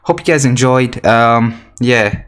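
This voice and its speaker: A man doing gacha summon commentary for a video, excitable, swinging from mock gloom to shrieks, his voice cracking. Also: mid-range voice, slow pace, clean tone, soft background music. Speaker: gaming YouTuber.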